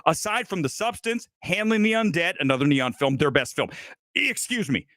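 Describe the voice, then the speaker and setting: A man's voice: on the high side, expressive, moderate pace, fairly bright tone, no room sound, studio quality. A man hosting a live movie talk show, ranting angrily and sarcastically with lots of swearing. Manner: angry, profane, sarcastic ranting; mocking put-on accent in quotes. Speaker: host. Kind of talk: heated movie rant, live stream.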